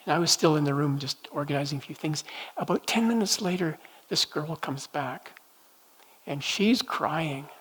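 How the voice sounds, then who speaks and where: A man leading a church prophetic training night, telling personal stories in a gentle, conversational way with halting restarts. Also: a little high, husky, rough recording. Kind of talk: teaching talk with personal storytelling. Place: church meeting room.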